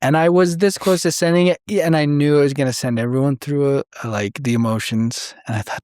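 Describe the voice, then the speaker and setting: A man from Idaho speaks as a podcast guest at an ordinary middle pitch, the recording close and dry with no room sound. He tells his story casually, stumbles through fillers, and lifts into other people's voices when he quotes them. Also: quick pace, no room sound. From Idaho, USA. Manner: animated, acts out quoted voices, many fillers.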